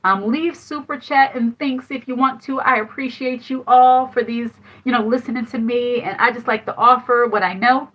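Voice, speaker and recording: A woman with a slightly high voice talks candidly into a phone or webcam, chatting through a personal story. She laughs often as she goes. The audio is dull and lo-fi, like a home livestream. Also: fairly even intonation, moderate pace, hardly any pauses. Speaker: livestream host giving life advice. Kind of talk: casual livestream chat.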